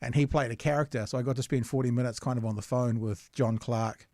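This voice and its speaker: A man's voice: medium pitch, fairly even intonation, quick pace, mellow, no room sound. A man hosting a casual interview, asking rambling questions with restarts. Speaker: podcast host, interviewer.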